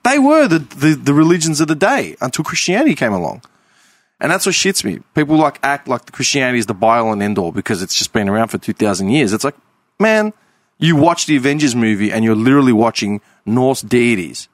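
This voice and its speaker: Opinionated man ranting, lively pitch. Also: brisk, no echo. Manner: ranting, opinionated, says "man" and "right?" often. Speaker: podcast host. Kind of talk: casual chat.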